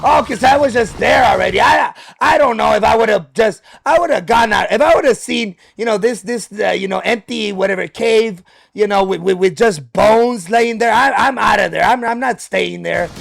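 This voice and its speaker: A man hosting a reaction video, narrating and exclaiming excitedly at what he watches. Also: high-pitched, normal speed, vocal fry, soft background music. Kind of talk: live reaction commentary.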